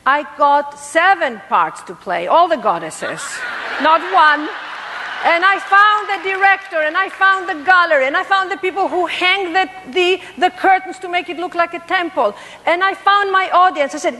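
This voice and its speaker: A middle-aged woman with a Greek accent giving an animated, emphatic motivational speech in a performing arts center. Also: high voice, a little slow. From Greece. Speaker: motivational speaker. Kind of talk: inspirational speech with storytelling. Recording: echoey large hall.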